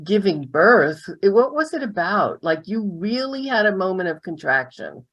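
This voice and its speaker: A woman's voice: mid-range voice, big pitch swings, normal speed, fairly bright tone, highs cut off. A woman co-hosting a casual chat, telling stories and laughing often. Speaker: co-founder and co-host.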